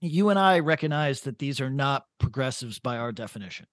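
A man's voice: medium pitch, lively intonation, a little fast, no room sound, studio quality. A man co-hosting a podcast in casual chat, riffing loosely with blunt opinions and frequent swearing. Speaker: podcast co-host.

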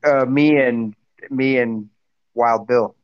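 Halting, profane veteran man. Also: medium pitch, steady tone, clean tone. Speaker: army veteran guest. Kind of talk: casual podcast chat. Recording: dry, muffled lo-fi audio.

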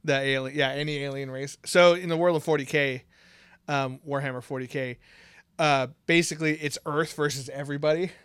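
Laid-back man with a slightly high voice. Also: steady tone, a little fast, fairly bright tone, clean tone, dry recording, studio quality. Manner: laid-back, laughs often, lots of fillers. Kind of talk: casual chat.

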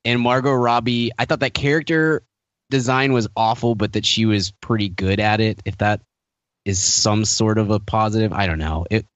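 A man's voice: lowish voice, normal speed, no room sound, dull audio. A man co-hosting a podcast in casual chat, wry, laughing often, rambling with restarts. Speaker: podcast co-host.

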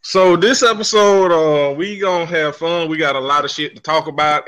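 A man's voice: a little high, moderate pace, fairly bright tone. A man hosting a casual podcast chat, joking and teasing, with frequent fillers. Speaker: podcast host.

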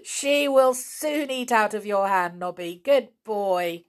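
Woman doing a cheery young horse trainer guy, booming praise, storybook. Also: lively intonation, slow. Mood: delighted. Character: hearty young man horse trainer, encouraging.

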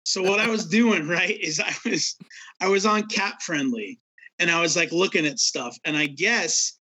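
A man's voice: high voice, moderate pace, sharp tone, low-quality recording. A man co-hosting a podcast, telling a long self-mocking story in loose casual chat. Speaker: podcast co-host.

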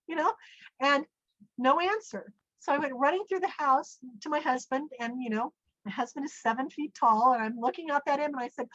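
A middle-aged woman telling a personal story in a lively way, acting out the voices she quotes. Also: high-pitched, a little fast, no room sound. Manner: animated, acts out quoted speech. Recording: dull, dry lo-fi sound.

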